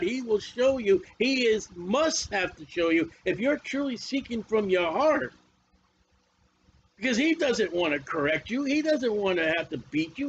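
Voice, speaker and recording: Male preacher, high-pitched, folksy and emphatic, slightly dull recording with faint background ambience. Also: a little hiss or hum. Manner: folksy, emphatic, repeats phrases. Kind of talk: Bible study sermon.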